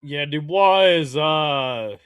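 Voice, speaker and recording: A young man hosting a casual live-stream watch party, crude and excitable, joking with his chat. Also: a little high, takes it slowly, smooth, no room sound, studio quality.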